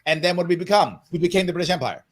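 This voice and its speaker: New guy, fairly high voice, tells stories with lots of emphasis, does little voices for quotes, on a video call. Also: very fast. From New York. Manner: emphatic storyteller who acts out quoted voices. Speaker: political guest. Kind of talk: animated interview talk.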